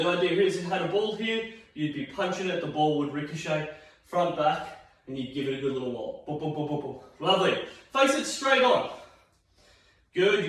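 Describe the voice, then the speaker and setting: Bright and high-pitched, an Australian man instructs a seated fitness class with upbeat encouragement, counting each rep out loud as he gets short of breath. The room is very echoey and the mic is far off.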